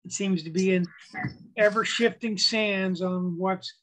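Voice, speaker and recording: A middle-aged man with a notably high voice chats on a video call, rambling through a family story with easy restarts. He sounds relaxed and talkative, like a club member warming up before a talk. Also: a little slow, low-quality recording. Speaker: club presenter.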